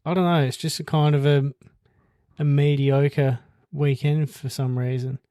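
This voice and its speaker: A man co-hosting a podcast in casual chat, relaxed and a little hesitant, laughing easily. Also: a little high, a little slow, clear, resonant tone, no room sound, clean studio sound. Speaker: podcast co-host.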